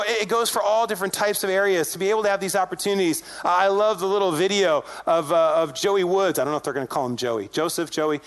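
A man preaching to his congregation with a fairly high voice. He tells stories casually and speaks to the room directly, acting out the voices of people in the story. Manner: animated storytelling, acts out quoted dialogue; conversational, addresses congregation directly. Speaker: pastor. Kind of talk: sermon.

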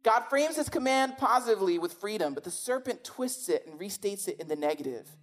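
A woman's voice: mid-range voice, lively intonation, brisk. A woman preaching a sermon in a conversational, emphatic way, often asking rhetorical questions.

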